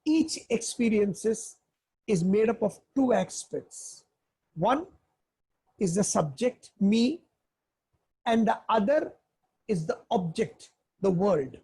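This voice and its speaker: A woman giving an earnest spiritual lecture on Vedanta, teaching in a measured way and repeating key phrases. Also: mid-range voice, animated, warm tone, slightly rough.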